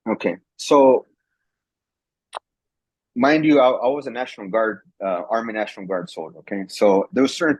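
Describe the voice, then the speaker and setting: A man with a low, husky voice tells a long story in a casual, rambling way, stumbling over repeated words and acting out the voices of others. The recording is dry and dull, with a lo-fi sound. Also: no room sound. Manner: rambling, repeats words, acts out quoted dialogue. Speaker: guest, former National Guard soldier.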